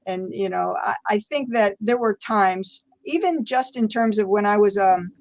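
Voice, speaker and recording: A woman's voice: medium pitch, a little slow, darkish tone. Brief: older American woman, interview guest, reflective storyteller who laughs often, acts out quotes. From United States.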